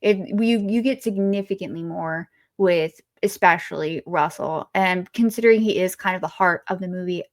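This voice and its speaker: A woman's voice: fairly low pitch, moderate pace, hardly any pauses. Woman, podcast co-host, casual chat, rambling, lots of fillers. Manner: chatty, rambling with fillers and restarts.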